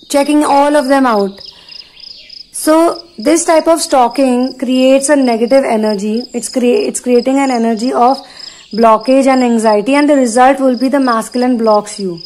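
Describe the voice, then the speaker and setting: A woman giving an earnest spiritual talk to her listeners, pausing now and then to channel messages. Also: on the high side, a little mellow, a little hiss or hum, rough recording. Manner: earnest, repetitive, pauses to channel. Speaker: spiritual reader.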